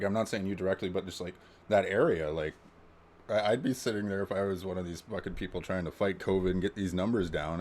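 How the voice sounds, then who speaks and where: Low-voiced canadian guy on a podcast, swears constantly, gets heated and animated. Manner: profane, animated rants. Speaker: podcast co-host. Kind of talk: casual chat.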